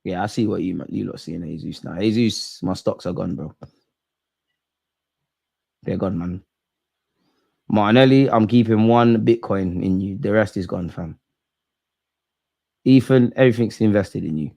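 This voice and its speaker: A young man hosting a live football watch-along, animated and slangy, swinging from loud outbursts to low muttering. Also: measured pace, vocal fry, pauses often.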